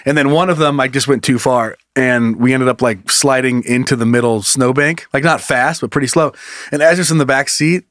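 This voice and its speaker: A man's voice: mid-range voice, brisk, fairly bright tone, no echo, clean studio sound. A man in his thirties co-hosting a podcast in casual chat, joking and laughing often. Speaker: podcast co-host.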